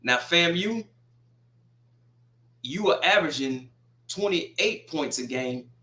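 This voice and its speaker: A man hosting a casual college football preview, animated and talking straight to teams and viewers. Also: on the high side, slow pace. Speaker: sports show host. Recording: echoey room.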